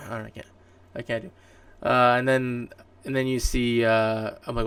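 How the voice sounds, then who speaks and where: Male podcast host, gravelly voice, loose rambling delivery, dry room, mic set back from him. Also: medium pitch, little pitch movement, moderate pace, fairly bright tone, no echo, far from the mic. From Canada. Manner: rambling, many fillers and restarts. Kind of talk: casual solo gaming news commentary.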